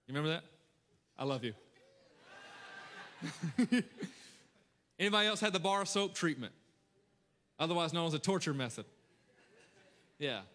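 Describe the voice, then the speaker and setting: A man preaching a lively, conversational sermon as a pastor, talking straight to his congregation. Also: fairly high pitch, moderate pace, pauses often. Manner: energetic, conversational preaching with audience call-outs. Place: large church hall. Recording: echoey church hall with long reverb.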